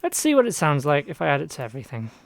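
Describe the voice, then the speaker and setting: Live-stream music producer, casual thinking aloud, lively pitch with a rough fry. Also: racing, no echo. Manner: thinking aloud, self-deprecating, trial and error. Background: faint music playback.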